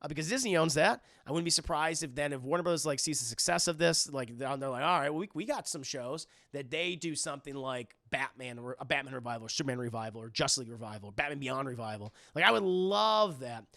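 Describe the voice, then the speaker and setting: A man's voice: mid-range voice, no room sound, studio quality. A man hosting a livestream, chatting casually with his viewers and swearing freely as he goes. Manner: animated, swears freely, quick asides to chat. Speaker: livestream host.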